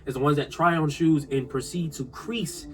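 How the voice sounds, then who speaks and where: A man telling comedic retail stories in an exasperated, animated rant, speaking straight to his viewers. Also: on the high side, moderate pace. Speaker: vlogger.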